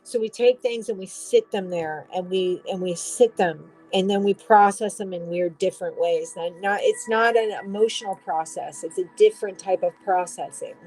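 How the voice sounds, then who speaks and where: A woman's voice: medium pitch, normal speed, few pauses, a little mellow, soft background music, rough recording. A woman giving a casual tarot reading, rambling and restarting, swearing now and then. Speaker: tarot reader.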